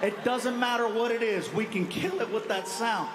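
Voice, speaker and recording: A man doing stand-up comedy, telling stories in an animated way and laughing often. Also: very high-pitched, normal speed, crowd noise, background noise. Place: comedy stage before a live audience.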